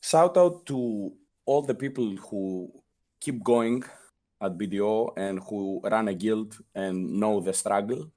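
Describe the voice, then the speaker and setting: A man's voice: lowish voice, slow pace. A young man with a European non-native English accent, a guest telling casual, profane stories in an interview and acting out the people he quotes. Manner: profane, animated anecdote telling with acted quotes. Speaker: guest, former guild leader.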